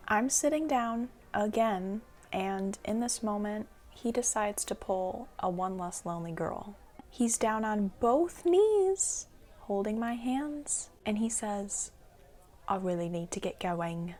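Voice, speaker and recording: Gravelly young woman telling a story. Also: medium pitch. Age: young adult. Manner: animated, dramatic storytelling with quoted voices. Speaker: vlogger. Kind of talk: storytime vlog.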